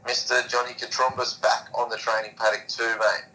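A man's voice: medium pitch, little pitch movement, brisk, vocal fry, sharp tone, rough recording. A man co-hosting a casual sports podcast, easygoing and saying "mate" a lot. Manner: easygoing, says "mate" often. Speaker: podcast co-host.

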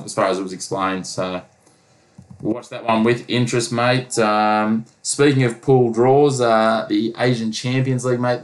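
Male podcast co-host, low and even, rambling with fillers. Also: poor audio. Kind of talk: casual sports chat.

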